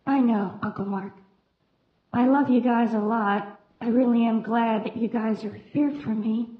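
A young woman playing a grieving young woman who speaks softly through tears in a halting way. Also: on the high side, steady tone, natural voice. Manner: soft, halting, slow. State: tearful. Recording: echoey room, slightly muffled.

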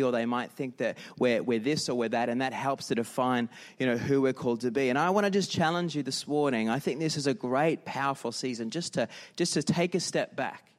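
A male pastor giving a sermon in a conversational, storytelling way and leading the congregation in earnest prayer. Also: medium pitch.

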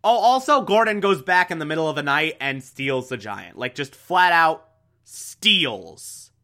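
A man's voice: fairly high pitch, expressive, a little slow, sharp tone. A young man casually recapping a TV show, enthusiastic and repetitive, with lots of fillers. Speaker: TV recap host.

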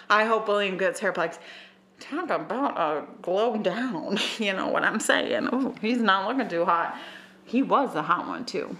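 A young woman hosting a podcast by herself, talking emotionally and swearing as she moves between quiet asides and fired-up preaching. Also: medium pitch, lively intonation, unhurried. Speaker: podcast host. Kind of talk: casual solo podcast rant.

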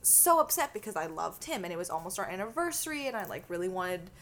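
A woman's voice: lowish voice, quick pace. Canadian woman telling stories, swearing freely. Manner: animated storytelling, swears freely. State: itchy. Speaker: podcast co-host. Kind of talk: casual chat.

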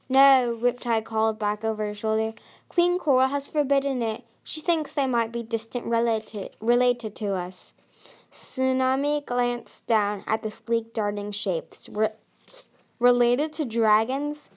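A woman reading a fantasy novel aloud as an amateur narrator, stumbling and restarting words now and then and lifting her voice for the dialogue. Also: fairly high pitch. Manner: reads with frequent slips and restarts. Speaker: audiobook reader.

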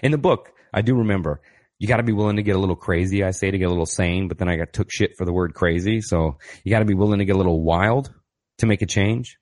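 Low-voiced guy doing a self-help podcast, swears a lot, blunt, keeps asking rhetorical questions. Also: quick pace, darkish tone. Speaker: podcast host and author. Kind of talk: casual self-help monologue.

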